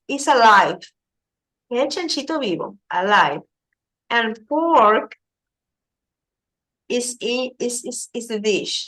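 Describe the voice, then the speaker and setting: Slow patient woman teaching English. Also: on the high side, fairly bright tone. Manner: slow, patient, explaining vocabulary with Spanish glosses. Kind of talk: online English lesson.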